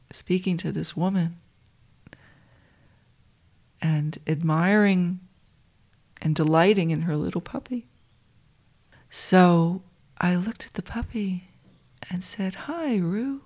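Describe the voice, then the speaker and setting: A woman telling a personal story to listeners she calls dear friends, in a soft, intimate way that often drops to a whisper. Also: lowish voice, gravelly.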